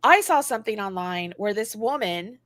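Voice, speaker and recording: A middle-aged woman from the United States co-hosting a casual live-stream chat, talking in an animated way and acting out critics in a high voice. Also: normal speed, dry recording, studio quality. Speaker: co-host, knitting and crochet designer.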